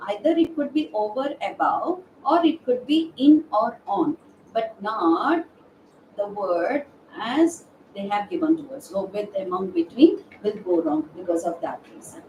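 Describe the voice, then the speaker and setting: A woman's voice: on the high side, big pitch swings, unhurried, a little mellow, distant mic, highs cut off. Female grammar trainer, live webinar, question-and-answer delivery, hesitant fillers. Echoey room, faint background noise. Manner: poses questions to the class and answers them herself; hesitant, frequent "uh" fillers and restarts. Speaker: verbal aptitude trainer. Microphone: distant from the microphone.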